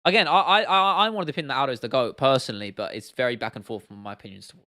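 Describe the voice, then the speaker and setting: A man's voice: medium pitch, lively intonation, rapid-fire, hardly any pauses, bright, forceful tone, smooth, no echo, clean studio sound. Blunt, slangy young British man streaming. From United Kingdom. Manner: blunt, slangy, swears freely, trails off into restarts. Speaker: livestream host. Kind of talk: casual livestream Q&A chat.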